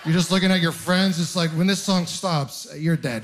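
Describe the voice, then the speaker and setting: A male stand-up comedian with a slightly higher than usual voice. He talks in a self-deprecating, rambling way, starting sentences over and piling on exaggeration. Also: steady tone, fairly quick, few pauses, noisy background.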